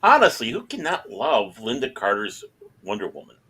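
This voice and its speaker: A man's voice: medium pitch, huge pitch swings, normal speed, bright, forceful tone, breathy edge, poor audio. A man hosting a casual chat, making emphatic, opinionated points. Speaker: host.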